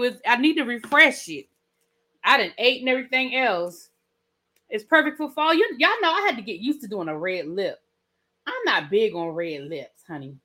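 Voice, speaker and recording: A woman hosting a casual live stream, chatting with her viewers in an animated, talkative way. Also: mid-range voice. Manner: chatty, animated, talks to the chat. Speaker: livestream host.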